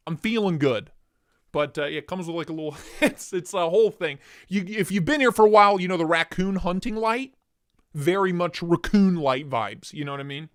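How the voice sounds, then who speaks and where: A man hosting a casual livestream, joking and rambling as he shows off gear and greets viewers by name. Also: high voice. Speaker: livestream host reviewing knives and lights.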